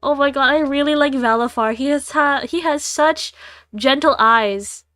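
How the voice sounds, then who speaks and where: A woman's voice: sits high, moderate pace, a bit bright, no room sound, studio quality, soft background music. A young woman, congested, streaming a game and reading its story aloud, with giggly, chatty asides between the lines.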